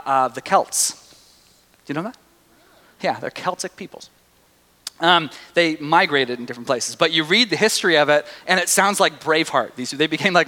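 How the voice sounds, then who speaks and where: A man preaching a sermon, shifting from quiet asides to loud, animated outbursts. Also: a little high, big-room sound. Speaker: pastor.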